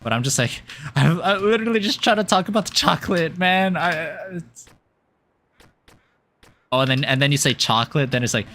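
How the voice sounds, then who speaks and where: Male streamer, casual chat during gameplay; rambling and giggly, with a bright voice. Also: a little high, animated, moderate pace, long pauses, slight background noise. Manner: rambling and giggly, with many fillers. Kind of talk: casual chat while playing a game.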